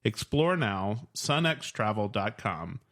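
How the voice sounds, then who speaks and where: A man's voice: fairly low pitch, expressive, slow, fairly bright tone. Upbeat man hosting a travel podcast. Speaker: podcast host. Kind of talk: ad read and interview questions.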